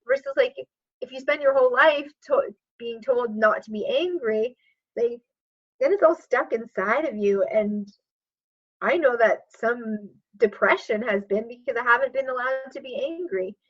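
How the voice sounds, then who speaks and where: A woman's voice: on the high side, breathy edge, dull audio. A woman coach as a podcast guest, reflective and chatty, with many fillers. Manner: reflective, speaks in quick bursts with many fillers like "like". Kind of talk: conversational interview.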